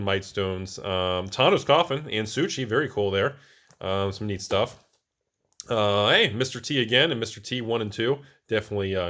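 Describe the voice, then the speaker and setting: A man hosting a casual show-and-tell of his card collection, chatty and wisecracking, jumping between excited bursts and low mutters. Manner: wisecracking, self-mocking.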